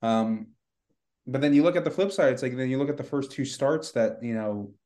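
A man's voice: medium pitch, moderate pace, a little mellow. A man co-hosting a sports podcast, talking in a rambling, frustrated way with many "you know"s. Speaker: podcast co-host. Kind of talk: casual sports chat.

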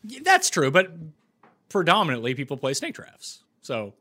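A man from Louisiana co-hosting a sports podcast, opinionated and animated in casual chat. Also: a little high, moderate pace. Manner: opinionated, animated, fussy about pronunciation. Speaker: podcast co-host.

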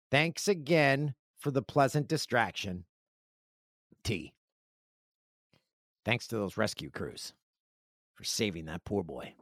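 Animated, joking man hosting a podcast. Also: medium pitch, no echo, clean studio sound. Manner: joking, animated storytelling with self-deprecating asides. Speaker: podcast host. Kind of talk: casual podcast monologue, reading listener mail.

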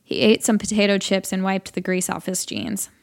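Woman narrator, dry steady storytelling, mid-pitched voice. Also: normal speed. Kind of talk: audiobook narration of a comic short story.

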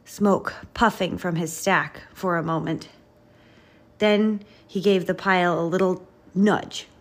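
A woman reading a picture book aloud to a child, gentle, expressive and encouraging. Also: on the low side. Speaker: storybook reader.

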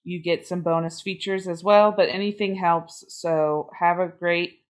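A woman co-hosting a podcast in casual chat, who tells anecdotes in an animated way. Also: fairly low pitch, unhurried. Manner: animated, acts out anecdotes in voices. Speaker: podcast co-host.

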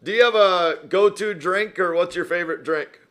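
A man's voice: high voice, moderate pace, fairly bright tone, clear, resonant tone. A man hosting a casual interview, asking easygoing questions and laughing along with his guest. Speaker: podcast host.

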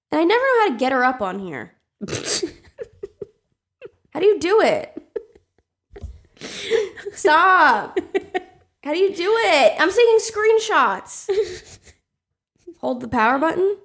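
A young woman co-hosts a laid-back podcast, her slightly high voice edged with a gravelly fry. She laughs easily and swears casually while chatting and reading listener mail. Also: very animated, takes it slowly, long pauses, a bit bright. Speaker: podcast co-host.

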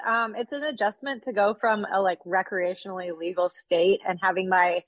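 A woman's voice: medium pitch, fairly even intonation, normal speed, dry recording, highs cut off. Chatty upbeat woman in her thirties, dry sound. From California. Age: 30s. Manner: chatty, upbeat, lots of fillers. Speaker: guest. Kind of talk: casual podcast chat.

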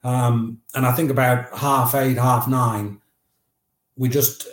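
A man's voice: medium pitch, takes it slowly, echoey room. Northeast English man telling stories. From Northeast England. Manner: lively anecdotes with acted-out quotes. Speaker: guest. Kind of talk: storytelling in an interview.

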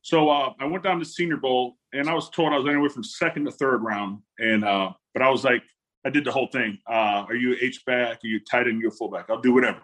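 A man's voice: mid-range voice, fast, fairly bright tone. A man in his forties, a former football player as interview guest, telling stories animatedly, acting out quotes and laughing often. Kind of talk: casual storytelling interview.

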